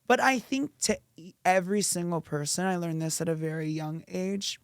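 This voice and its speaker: A young woman co-hosting a podcast, chatting expressively and quick to react. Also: on the low side, no echo, studio quality. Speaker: podcast co-host. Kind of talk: casual chat.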